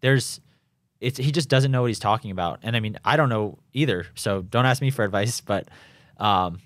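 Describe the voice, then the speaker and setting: Low-voiced man telling rambling stories. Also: normal speed, fairly bright tone, dry recording, studio quality. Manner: rambling, many restarts and fillers, laughs at his own stories. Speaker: professional triathlete guest. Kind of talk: casual conversational interview. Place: home in Boulder.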